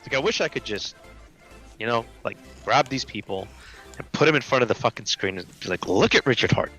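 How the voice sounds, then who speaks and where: Bright-voiced ranting man. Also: lively intonation, fairly quick, soft background music. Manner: ranting, swears, pitch jumps up when worked up. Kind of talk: casual chat.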